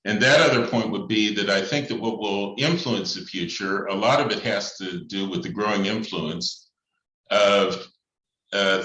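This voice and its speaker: A priest speaking in a thoughtful, measured way, pausing often with fillers as he lays out his points. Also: low-pitched, sharp tone. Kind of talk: reflective talk on church and society. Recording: echoey room, slightly dull sound.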